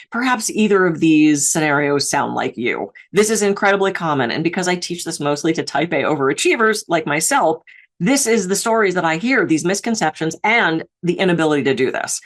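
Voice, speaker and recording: Animated woman telling a story. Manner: animated, acts out her inner dialogue with big pitch jumps. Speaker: keynote speaker and stress coach. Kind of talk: lively storytelling talk.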